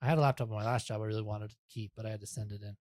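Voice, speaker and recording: A man's voice: on the low side, fairly even intonation, rapid-fire, darkish tone, dry recording. A young man talking as a podcast guest in casual chat, rambling and self-deprecating, with many restarts.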